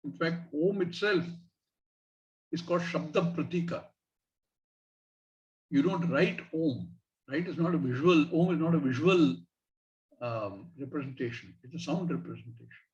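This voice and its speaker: Measured man teaching scripture. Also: fairly high pitch, expressive, darkish tone, recorded from a distance. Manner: measured explanations, recites Sanskrit syllables. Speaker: Vedanta teacher. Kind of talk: scripture class lecture. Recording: dull lo-fi recording.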